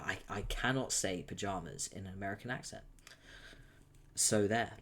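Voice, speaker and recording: A man's voice: fairly low pitch, normal speed, pauses often, fairly bright tone. A man reading a webcomic aloud, stepping out with a casual aside. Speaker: webcomic reader.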